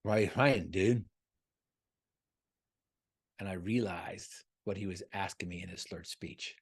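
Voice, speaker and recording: A man's voice: low voice, little pitch movement, normal speed, gravelly, slightly rough. Emphatic man giving a motivational talk. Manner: emphatic, repetitive storytelling with rhetorical questions. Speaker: motivational speaker guest. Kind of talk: motivational talk on a live video call. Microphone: video call.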